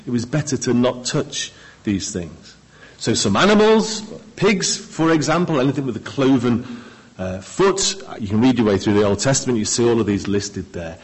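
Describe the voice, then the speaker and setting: Husky, lively male preacher. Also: rough recording. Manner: expressive, dramatic pauses, trailing off low on key words. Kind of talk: sermon.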